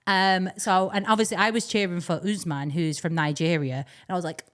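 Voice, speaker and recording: A young woman chats casually as a podcast co-host. She rambles, laughs often and speaks in a slightly low voice. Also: fairly even intonation, fairly quick, a bit bright. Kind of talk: casual chat.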